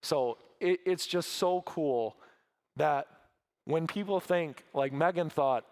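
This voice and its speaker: A man's voice: fairly high pitch, slow pace, a little mellow. A man speaking at a church as a guest from a mission, earnest, with many fillers and restarts. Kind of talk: sermon talk.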